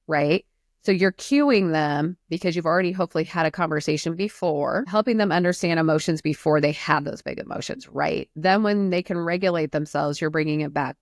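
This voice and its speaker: Low gravelly woman, therapist on a podcast, earnest, really leans into her points. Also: normal speed, dry recording, studio quality. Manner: earnest, emphatic, explains at length. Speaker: therapist guest. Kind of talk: podcast conversation.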